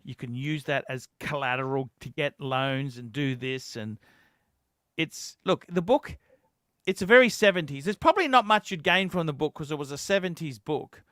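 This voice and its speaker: A man's voice: on the high side, animated, normal speed, bright, forceful tone, dry recording, studio quality. A man hosting a livestream, telling a heated, profane story in a ranting chat. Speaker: livestream host.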